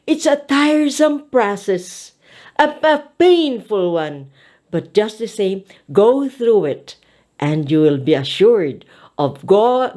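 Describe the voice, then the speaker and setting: Woman, speech coach lecturing; very slow, animated pitch, emphatic delivery. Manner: slow, emphatic, demonstrating intonation. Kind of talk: teaching lecture.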